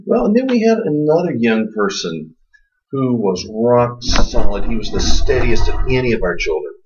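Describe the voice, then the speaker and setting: A man's voice: medium pitch, normal speed, slightly rough, soft background music. A man with a mid-range voice that swings up and down as he tells his stories. He talks with wry humor, and the recording sounds a bit dull and lo-fi. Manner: expressive storyteller, wry humor. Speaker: co-host, Christian homeschooling parent. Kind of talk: conversational podcast talk.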